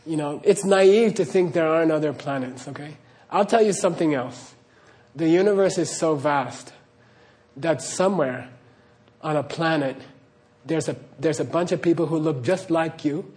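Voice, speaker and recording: A man's voice: fairly high pitch, a little mellow. A man giving an earnest spiritual talk to an audience, often checking in with "okay?" and laughing as he tells stories. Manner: earnest, repeats "okay?", laughs while storytelling. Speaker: spiritual teacher.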